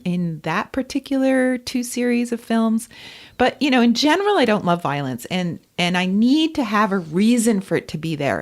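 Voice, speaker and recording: Woman cohosting a chatty podcast, voice jumps all over, laughs a lot. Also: on the low side. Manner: animated, laughs often. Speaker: podcast co-host, Chinese medicine practitioner. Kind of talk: casual chat.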